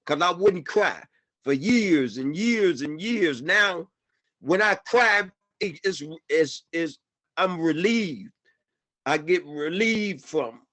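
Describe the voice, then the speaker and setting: A man's voice: a little high, a bit bright. A man giving an impassioned personal testimony at a panel, repeating himself and often saying "man". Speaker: panel speaker.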